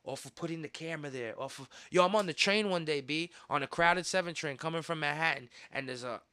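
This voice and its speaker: Heated high-voiced New podcast host. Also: male voice, brisk, no room sound. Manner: heated, profane, repetitive ranting with sudden loud outbursts. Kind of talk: casual podcast rant.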